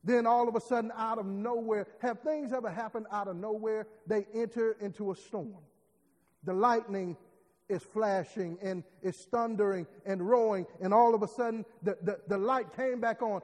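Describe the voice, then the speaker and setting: Man, preacher, very high voice, rhythmic sermon delivery, long echo of a big hall. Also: steady tone, moderate pace. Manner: rhythmic preaching, rising to shouts.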